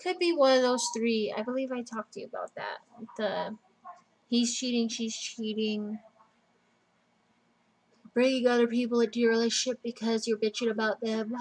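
A woman's voice: on the high side, moderate pace, low-quality recording. A woman giving a personal tarot reading in a casual, blunt way, swearing freely as she goes through the cards. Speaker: tarot reader.

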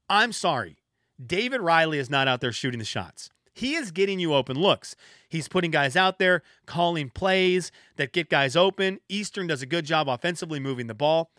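A man hosting a solo sports podcast, ranting in an exasperated way and second-guessing himself out loud. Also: fairly high pitch, animated, fairly quick, no room sound, clean studio sound. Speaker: podcast host.

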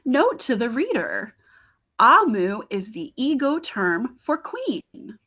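Slow, expressive woman reading a picture book aloud. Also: on the high side. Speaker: library story time host.

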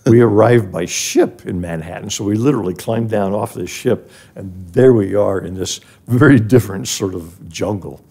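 Older male guest, gravelly, mellow tone; earnest personal storyteller. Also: lowish voice, normal speed, hardly any pauses. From grew up in an African village. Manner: earnest and emotional, rising when moved. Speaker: guest, charity president emeritus. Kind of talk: personal storytelling in a podcast interview.

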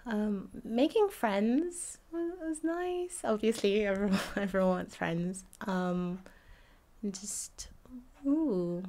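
A woman's voice: medium pitch, takes it slowly, warm tone. A woman in her twenties from Jamaica, recalling her childhood in a chatty interview, full of fillers and laughs. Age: 20s. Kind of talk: casual recollection.

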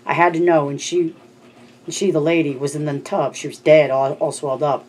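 An audiobook narrator voicing a frightened small boy who blurts out his story in halting bursts. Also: medium pitch, little pitch movement, a little mellow, natural voice. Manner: blurting, halting, stumbling over words.

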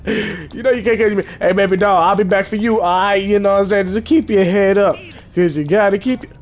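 A man commentating live on his gameplay, trash-talking in slang and bursting into shouts. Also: high-pitched, a little fast.

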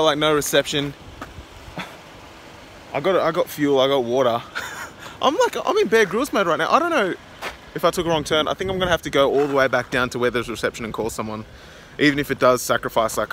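Young aussie guy vlogging on the road, rambly and excitable, bit of noise behind. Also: mid-range voice. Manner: rambling, excitable, filler-heavy. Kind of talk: casual vlog narration. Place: in a car and outdoors.

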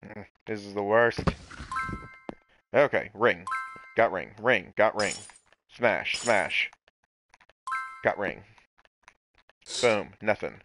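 A man's voice: fairly low pitch, slow pace, long pauses, over music. A man casually commenting on his own gameplay, playful and talking to himself with sudden outbursts. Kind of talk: casual let's-play commentary.

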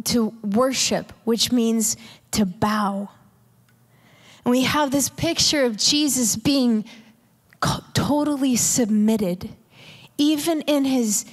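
A woman preaching a sermon in an intimate way, often dropping to a whisper to stress a point. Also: on the high side. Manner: intimate, drops to whispers for emphasis. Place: large church hall. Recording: live church hall reverb.

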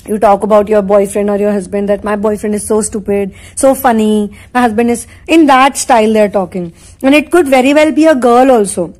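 A woman's voice: fairly high pitch, darkish tone, low-quality recording. A woman giving an intuitive tarot reading, speaking in a rambling way with many fillers. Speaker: tarot reader.

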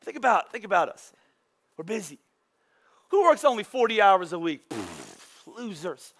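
A man's voice: high-pitched, very animated, moderate pace, fairly bright tone. A man preaching a sermon as pastor, in a casual, joking way that acts out the voices of his listeners. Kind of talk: conversational sermon.

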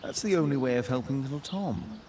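Video game detective, determined, clipped, lively pitch, faint hiss. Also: male voice, fairly quick, creaky. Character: male detective, brisk and determined. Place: game audio.

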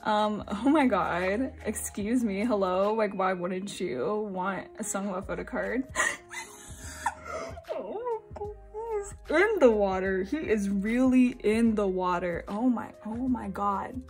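A young woman from Singapore chatting casually while unboxing albums, giggly and gushing, now and then breaking into high squeals. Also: unhurried, darkish tone, faint music behind. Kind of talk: excited casual chat.

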